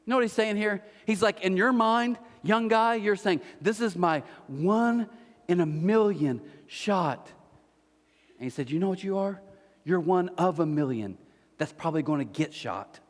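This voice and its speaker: A man's voice: high voice, normal speed. A man preaching a sermon as pastor, telling stories with energy and acting out the voices of the people in them. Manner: animated storytelling, acts out voices. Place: large church hall. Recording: reverberant church hall.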